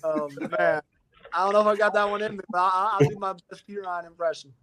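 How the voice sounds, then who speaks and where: A man's voice: sits high, fast, over a noisy crowd. A young man in his twenties, a pro football player guest, talking earnestly in a rambling way with many restarts. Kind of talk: casual interview talk.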